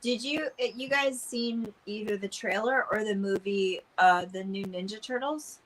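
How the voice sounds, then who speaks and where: An easygoing woman in casual chat, often answering with short words of agreement. Her voice sits at a middle pitch. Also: moderate pace, fairly bright tone, a little hiss or hum, low-quality recording.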